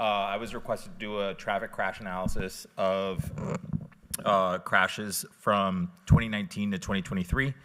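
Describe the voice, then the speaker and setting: A man's voice: sits low, pushed and bright. A man presenting traffic data as a police analyst to a city council, hesitant with many fillers. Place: city commission chambers.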